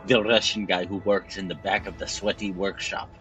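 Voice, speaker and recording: Laid back guy streaming a game, swears a lot, lowish voice, music under it. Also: little pitch movement, normal speed, bright, forceful tone, lo-fi sound. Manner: casual, profane, self-mocking. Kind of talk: casual gameplay commentary. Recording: game music playing behind.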